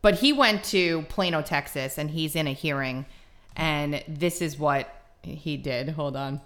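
A woman co-hosts a casual talk show, with blunt remarks and quick laughter. Her voice sits slightly low for a woman. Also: fairly bright tone. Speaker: podcast co-host. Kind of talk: casual chat.

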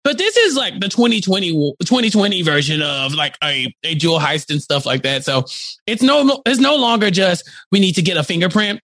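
A man co-hosting a casual movie podcast, talking in an animated way and acting out quotes. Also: high-pitched, moderate pace, no echo. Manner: animated, acts out quotes in voices. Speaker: podcast co-host.

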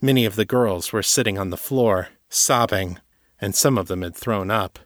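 A man narrating an audiobook story in an even, measured way. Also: lowish voice, dry recording, studio quality. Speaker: author and narrator.

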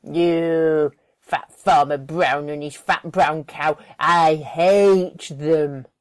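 A woman voicing Joy, a bitter, scowling, miserly village wife who grumbles in a loud, snappish way. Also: deep voice, steady tone, extremely slow. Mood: grumbling.

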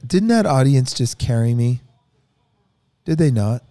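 Dark mellow guy, cough-worn voice, dry jokey band chat. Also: mid-range voice, animated, a little slow. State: weakened voice from a cough. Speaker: band member on a podcast. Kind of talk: casual chat.

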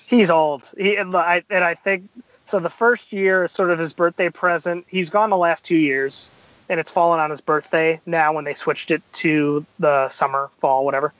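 Male podcast guest, high voice, lively anecdotes with acted-out quotes; dry, slightly muffled sound. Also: moderate pace, no room sound. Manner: animated storyteller, acts out quotes. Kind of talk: casual podcast chat.

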